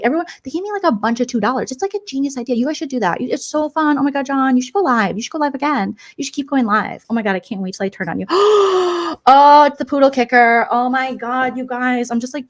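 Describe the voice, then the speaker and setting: A woman's voice: high-pitched, close to an everyday voice. A woman doing a comedic impression of a catty, self-absorbed 54-year-old female streamer, rambling and gossipy with valley-girl fillers.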